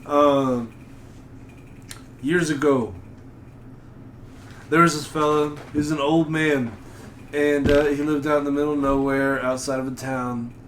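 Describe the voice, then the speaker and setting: A man's voice: a little high, steady tone, measured pace, long pauses, slight background noise. A man co-hosting a podcast, chatting and joking in a laid-back way. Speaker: podcast co-host. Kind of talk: casual chat and storytelling. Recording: roomy echo.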